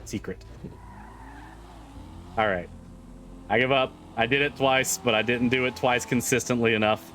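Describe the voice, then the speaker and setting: A man's voice: medium pitch, fairly even intonation, normal speed, fairly bright tone, faint music behind. A man streaming a driving game live, chatting casually, swearing and repeating himself as he gets frustrated.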